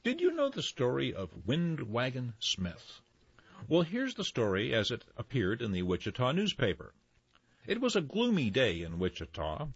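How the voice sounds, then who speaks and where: A man reading a tall tale aloud as storyteller, in a lively, folksy way. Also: medium pitch, normal speed, gravelly, husky, no room sound, dull audio.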